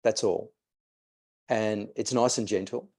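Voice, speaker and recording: A man's voice: lowish voice, steady tone, slow pace, darkish tone. A man, a mindset coach telling a client story and guiding a breathing exercise. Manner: storytelling, re-enacts conversations.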